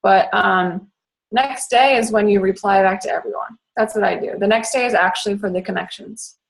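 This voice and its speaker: A young woman from the Boston area who talks very fast in a bubbly, chatty way as she coaches her team in a casual talk. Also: medium pitch, gravelly. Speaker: network marketing fitness coach.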